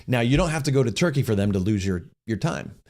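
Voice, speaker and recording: A man's voice: mid-range voice, lively intonation, fast talker, darkish tone. Chatty man explaining paperwork casually. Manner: conversational, restarts phrases, acts out quoted dialogue. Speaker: host answering viewer questions.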